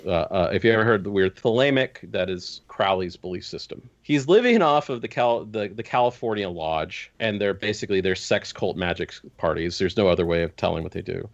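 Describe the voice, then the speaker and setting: A podcast guest man tells wild history in a casual, incredulous chat, swearing freely. His pitch leaps up and down as he talks. The audio is dull and lo-fi. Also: expressive, brisk, hardly any pauses. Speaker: podcast guest discussing tabletop game lore.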